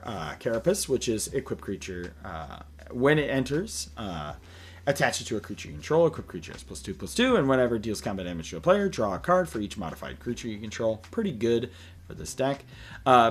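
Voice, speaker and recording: A tired man hosting a card game deck walkthrough, reading card text aloud in a relaxed way with many "uh" fillers, recording late at night. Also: medium pitch. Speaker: deck tech host.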